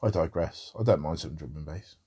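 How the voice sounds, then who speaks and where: A man's voice: extremely low pitch, fairly quick, dark tone, slightly rough. A man talking in a rambling casual monologue about music, with wry asides.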